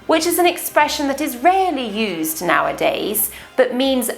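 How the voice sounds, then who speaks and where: A British woman explaining English accents as a teacher, talking carefully and deliberately. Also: a little high, very animated, gravelly. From Britain.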